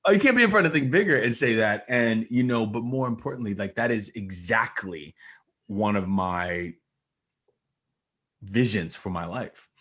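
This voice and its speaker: Lively male podcast host, low voice. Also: moderate pace. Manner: animated, coaching, laughs often. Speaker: podcast host and acting coach. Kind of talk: casual interview.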